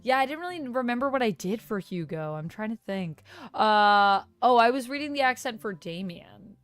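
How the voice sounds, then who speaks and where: A woman's voice: on the high side, lively intonation, moderate pace. A young woman streaming a dating game, chatting casually, laughing often and reading the game text aloud. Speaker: streamer playing a dating sim. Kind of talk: casual live gameplay commentary.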